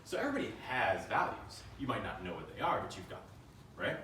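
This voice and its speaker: A man giving a keynote to a room, talking in an easy conversational way and tossing questions out to the listeners. His voice sits at a middle pitch. The sound is roomy and echoing, with him a little off the mic. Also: big pitch swings, brisk, sharp tone, distant mic, a little hiss or hum. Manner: conversational, asks the audience questions. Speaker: keynote speaker. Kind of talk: live keynote talk.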